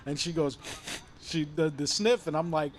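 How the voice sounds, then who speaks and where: A fairly high-voiced man tells his story in a relaxed, chatty way, full of energy. He acts out what the other people said and swears freely. There is a faint hiss of outdoor noise behind him. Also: moderate pace. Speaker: guest telling his story. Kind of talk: casual chat.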